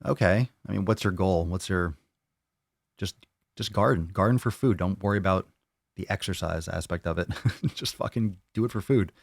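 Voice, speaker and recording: A man's voice: deep voice, moderate pace, creaky, no room sound, clean studio sound. A man hosting a live fitness Q&A, blunt and opinionated, swearing freely as he answers viewers. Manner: blunt and profane, opinionated rants. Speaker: fitness channel host answering viewer questions.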